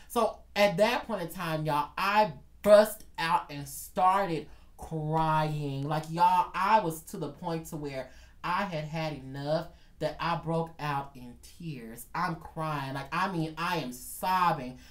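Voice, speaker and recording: A man telling a dramatic storytime vlog in an animated way, talking straight to his viewers. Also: a little high, takes it slowly, roomy sound. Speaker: vlogger.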